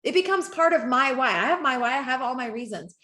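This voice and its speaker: A woman's voice: high voice, expressive, a little fast, bright, forceful tone. A middle-aged woman leading a motivational training talk for her network marketing team, earnest, emotional and encouraging. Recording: roomy echo.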